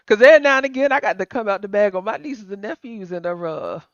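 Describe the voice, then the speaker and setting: A woman co-hosting a relaxed talk show, her pitch swinging lively and wide. She laughs often and talks in slangy phrases. The recording is a bit dull and lo-fi, with a dry sound. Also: fast talker, dry recording. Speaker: podcast co-host. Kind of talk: casual chat.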